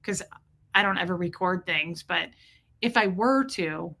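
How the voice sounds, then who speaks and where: A middle-aged woman on a casual live stream, telling a rambling, self-mocking story with deadpan jokes and reading out chat. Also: on the low side, a little slow, vocal fry.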